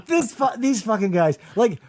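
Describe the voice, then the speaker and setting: A man with a high, lively voice that swoops up and down as he recaps a show for a co-host. He slips into quick voices for the people he quotes and swears casually. The talk is loose and conversational. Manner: animated, acts out quotes in voices, swears freely. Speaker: podcast co-host.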